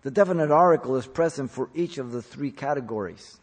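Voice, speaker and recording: A male preacher teaching from scripture, swinging between loud, emphatic stresses and low, quiet asides. His voice is slightly husky at a middle pitch. It carries a long hall reverb, as if recorded in a large church. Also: lively intonation, brisk.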